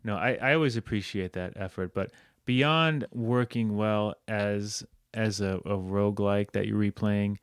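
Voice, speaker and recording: An English man co-hosts a relaxed game podcast with a fairly low voice. He laughs easily and pokes fun at himself. His voice sits close to the mic in a dry, dead room. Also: measured pace, hardly any pauses, smooth, dry recording. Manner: self-deprecating, laughs often, restarts. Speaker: podcast co-host. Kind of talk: casual game discussion.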